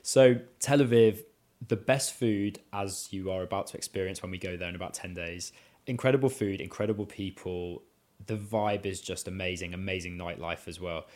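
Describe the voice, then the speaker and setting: A man's voice: sits low, normal speed, a little mellow. A young man from Leeds, a podcast guest, talking eagerly and upbeat in a conversational interview. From Leeds, England. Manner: enthusiastic, upbeat travel tips. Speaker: podcast guest, head of content.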